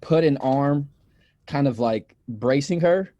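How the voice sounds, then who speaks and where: Mellow, slow male tabletop player. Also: medium pitch, no room sound, highs cut off. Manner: halting, self-correcting action declarations. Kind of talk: in-character tabletop play.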